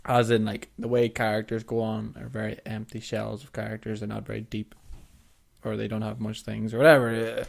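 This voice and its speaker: A man's voice: on the low side, completely flat delivery, brisk, creaky. A young man co-hosting a podcast, giggling and teasing in casual banter. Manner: giggly, teasing, swears freely. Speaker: podcast co-host.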